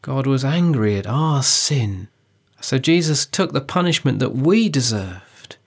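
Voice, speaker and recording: A man discussing how to preach a passage, speaking in an earnest, measured way with emphasis on key phrases. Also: medium pitch, expressive. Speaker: preacher giving a preaching guide. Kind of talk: teaching dialogue on sermon preparation.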